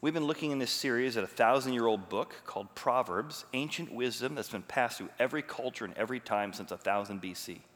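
Male pastor, emphatic teaching sermon, tense bright voice, echoing sanctuary. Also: medium pitch, brisk, hardly any pauses. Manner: animated, emphatic teaching with rhetorical questions. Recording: long hall reverb.

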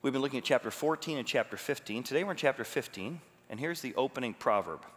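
A man's voice: mid-range voice, lively intonation, fast, fairly bright tone. A man preaching a sermon as a pastor, teaching emphatically and asking rhetorical questions. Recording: long hall reverb.

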